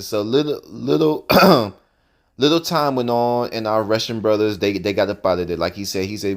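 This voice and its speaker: A man tells a story from his own life in a loose, conversational way. He is animated and profane, and he talks straight to the listener. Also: fairly low pitch, moderate pace. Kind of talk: casual spoken storytelling.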